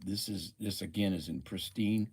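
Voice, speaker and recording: A man's voice: low voice, normal speed, creaky, a little mellow, husky. A man in his seventies from Ohio, hosting a casual livestream and talking through items in a rambling, easily sidetracked way. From Ohio, USA. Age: 70s. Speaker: livestream host. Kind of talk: casual livestream show-and-tell. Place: indoor workshop.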